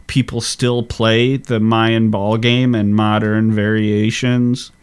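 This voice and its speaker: A man hosting a history podcast, explaining in a relaxed, casual way and wrapping up the show. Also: lowish voice, slow, clean tone. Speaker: podcast host.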